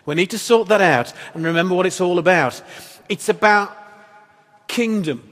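Guy preaching a sermon, chatty and wry, pretty high voice, big echoey church sound. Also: normal speed, a bit bright. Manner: conversational, wry preaching with rhetorical questions. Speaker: pastor. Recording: echoey hall reverb.

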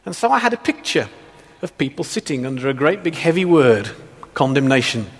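A man's voice: medium pitch, very animated, a little fast, big-room sound. A man preaching a sermon, mixing scripture with humorous childhood stories. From England, Black Country.

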